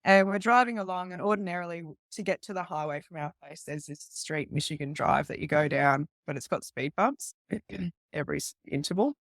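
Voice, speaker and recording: A woman's voice: lowish voice, brisk, creaky, dry recording, clean studio sound. A woman, a guest police detective, telling a story in casual talk and acting out the voices of the people in it. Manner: animated retelling, acting out quoted voices with laughs.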